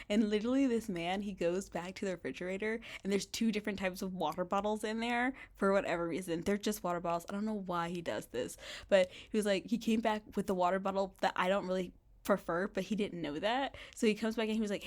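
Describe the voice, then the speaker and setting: A young woman vlogging casually from a bedroom, chatty and rambling, full of "like" fillers and quick laughs. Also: mid-range voice. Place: bedroom in an apartment.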